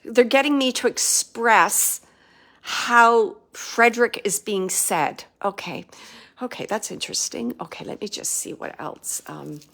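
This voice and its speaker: Woman psychic medium, fairly high voice, halting and emotional live reading. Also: vocal fry, fairly bright tone. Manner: emotional, halting, many fillers and restarts.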